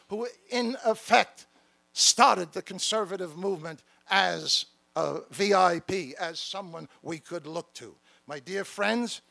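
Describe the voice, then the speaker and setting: A man's voice: high voice, creaky, pushed and bright, heavily acted. A man playing a fiery revolutionary founding father, giving an impassioned, emphatic political speech from a stage at a podium microphone. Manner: impassioned, emphatic, calls out to the crowd. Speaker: keynote speaker. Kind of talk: rousing political speech in character. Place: stage at a large gathering.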